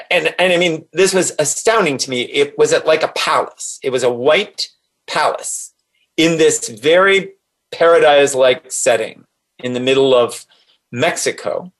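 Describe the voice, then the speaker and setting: A man telling his own story as an interview guest in an animated, excited way. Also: mid-range voice. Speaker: guest, author. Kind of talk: personal storytelling.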